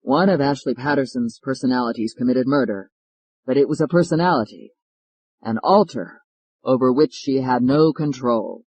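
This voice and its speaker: A man voicing a feverish, hoarse defense lawyer who speaks low and strained, in an audiobook read in a dry studio. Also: normal speed, darkish tone, no room sound, natural voice, low-quality recording. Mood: earnest.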